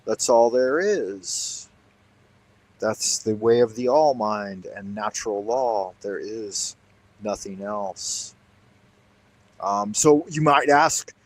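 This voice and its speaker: A man's voice: on the low side, no room sound, low-quality recording. A man hosting a casual livestream from home, rambling playfully and answering chat commenters. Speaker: livestream host. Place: home, Beijing.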